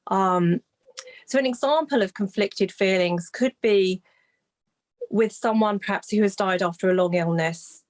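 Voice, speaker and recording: A woman speaks softly and reflectively as a grief recovery specialist in an interview. She often pauses, restarts and searches for words, keeping an even, gentle pace. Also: medium pitch. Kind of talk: interview, explaining.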